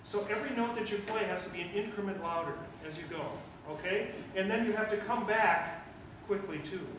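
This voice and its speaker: A man leads a school wind band through rehearsal, coaching in a brisk, direct way and counting and scatting rhythms aloud. His voice sits high for a man. He is picked up from well across an echoey rehearsal room, with clear background noise. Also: recorded from a distance. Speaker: guest band conductor. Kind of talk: ensemble rehearsal instruction. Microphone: far room mic.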